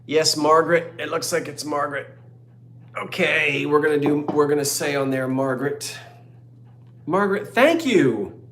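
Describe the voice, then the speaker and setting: Fifties guy rambling thru a live antique sale, kinda high voice, echoey room. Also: moderate pace, a bit bright. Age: 50s. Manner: rambling, joking, reads out viewers' comments. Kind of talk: chatty live-stream sales talk.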